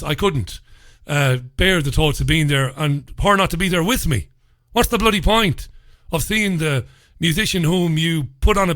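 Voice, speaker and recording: A man's voice: on the high side, no echo, studio quality. A man hosting a casual radio show, greeting listeners by name, getting over a head cold. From England. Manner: chatty, warm greetings to listeners, swears mildly. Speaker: radio host.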